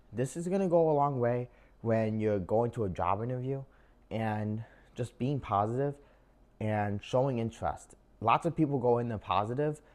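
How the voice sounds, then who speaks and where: Full of "like" and "um," a young man's casual to-camera talk gives job interview advice to viewers he calls "guys." His voice is medium-pitched with a darkish tone, and he's very chatty.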